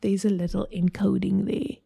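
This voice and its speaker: A woman's voice: mid-range voice, level tone, normal speed, vocal fry, warm tone, slightly rough, dry recording, studio quality. A woman hosting a podcast, explaining ideas in a chatty, digressive way with homely analogies. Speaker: podcast host. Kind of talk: casual explanatory talk.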